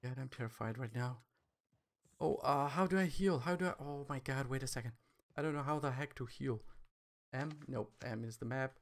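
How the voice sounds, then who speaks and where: A man streaming live gameplay, talking excitedly and panicking as he plays. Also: medium pitch, fairly quick. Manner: panicky, excitable, swears mildly.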